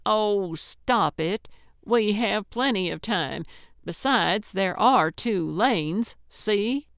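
A woman's voice: mid-range voice, animated, very slow, a bit bright, clear, resonant tone, no echo, studio quality, full character voice. A woman doing a bossy, cranky old lady. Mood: coaxing. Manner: bossy, wheedling, hollers. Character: cranky stubborn elderly woman with a walker.

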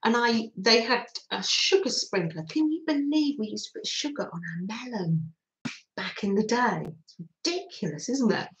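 A woman's voice: on the high side, lively intonation, moderate pace, echoey room, rough recording. A middle-aged woman from England hosting a craft livestream, chatting casually and reminiscing with frequent laughs. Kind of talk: casual chat while crafting.

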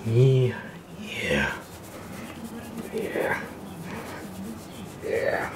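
A man vlogging as he talks to his dog in soft, doting baby talk that often drops to a half-whisper, picked up by a camera microphone. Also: medium pitch, very animated, drawn-out words. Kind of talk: casual vlog talking to his dog. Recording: noisy home video recording.

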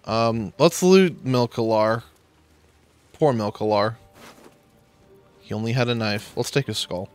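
A man's voice: mid-range voice, measured pace, long pauses, smooth, faint music behind. Jokey man chatting while gaming. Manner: jokey, rambling, reads in-game text aloud. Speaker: gamer playing a video game. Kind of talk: casual gameplay chat.

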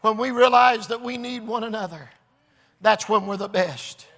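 A high-pitched, gravelly man preaches a revival sermon in a large hall with a long reverb. His bright, edgy voice swings from shouted, chanting phrases punctuated by "uh" down to low, confiding stretches. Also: normal speed. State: recovering from Bell's palsy.

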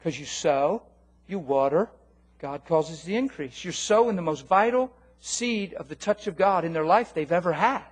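A man preaching a sermon in a church, animated, swinging from loud commands to low, quiet appeals. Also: normal speed, breathy edge. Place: church hall.

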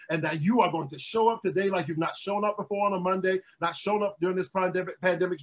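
A pastor preaching a sermon, calling out to his congregation and rising to shouts, recorded in a closed room with its windows blacked out for filming. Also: high-pitched, poor audio.

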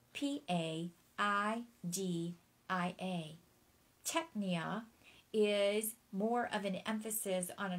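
A woman's voice: medium pitch, low-quality recording. A woman preaching a sermon, teaching in an emphatic way, repeating her key phrases and spelling out words for note-takers.

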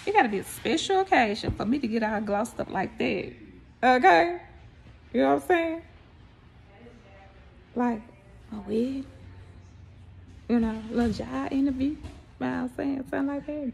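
A woman's voice: sits high, moderate pace, vocal fry, long pauses. An older woman with a Southern US accent, chatting playfully while eating on camera, laughing and preaching as she goes. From American South. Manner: playful, preachy, laughs a lot, sings snippets. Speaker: vlogger. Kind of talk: casual mukbang chat.

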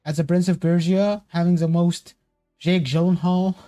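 A man's voice: high voice, normal speed, dry recording, faint music behind. A man streaming a casual reaction to game cards, rambling and correcting himself as he goes. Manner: rambling, self-correcting, excitable tangents.

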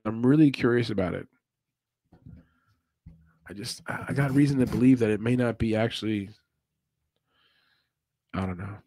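A man's voice: fairly low pitch, moderate pace, long pauses, warm tone, a little hiss or hum. Laid-back man hosting live. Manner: laid-back, chatty, laughs often. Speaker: podcast host. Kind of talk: casual live commentary.

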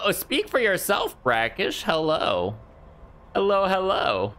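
A man's voice: high-pitched, wildly swooping pitch, slow, pushed and bright. A man casually commentating a video game playthrough, crude, sarcastic and profane. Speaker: let's play host. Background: game music.

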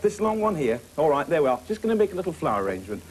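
A man hosting a children's puppet show, playing a brisk, jovial teacher who scolds his puppets. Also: a little high, very animated, a little hiss or hum.

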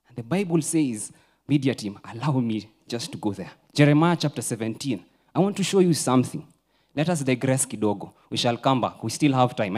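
Kenyan pastor preaching, loud then hushed. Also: male voice, mid-range voice, breathy edge. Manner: switches between English and Swahili, swings from loud urging to near-whisper. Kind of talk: sermon. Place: church.

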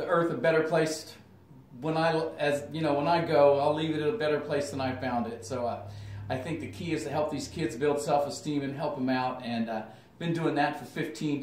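A middle-aged man talking casually on his own channel, folksy and rambling with lots of fillers and restarts. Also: fairly high pitch. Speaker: channel host. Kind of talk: rambling casual vlog talk. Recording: echoey room, mic at a distance.

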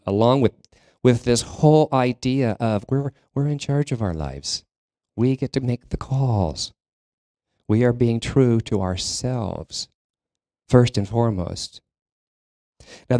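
A man preaching a sermon as minister of a spiritual congregation, talking in a halting way, with fillers and restarts as he searches for words. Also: mid-range voice, warm tone, dry recording, studio quality. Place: church sanctuary.

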